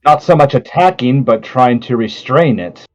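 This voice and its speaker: A man's voice: medium pitch, lively intonation, normal speed, low-quality recording. A man playing a tabletop game, stammering and restarting as he talks. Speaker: player. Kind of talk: tabletop role-play.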